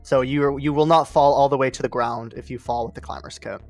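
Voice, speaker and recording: A man narrating as game master of a tabletop role-playing game, relaxed, with frequent ums and laughing asides. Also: medium pitch, fairly quick, gravelly, dry recording, faint music behind.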